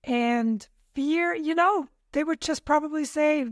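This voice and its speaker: A high-voiced woman from Austria, a native German speaker, speaks unhurriedly as a guest on a podcast. In a reflective personal conversation, she recounts her own experiences thoughtfully, hesitating often and using many fillers. Studio quality, no echo.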